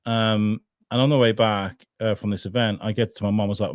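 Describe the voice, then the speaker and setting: A man's voice: fairly low pitch, steady tone, a little fast, no room sound, clean studio sound. An English man, a podcaster guest, tells a rambling, self-mocking story, swearing and laughing as he goes. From England. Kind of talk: casual anecdote in an interview.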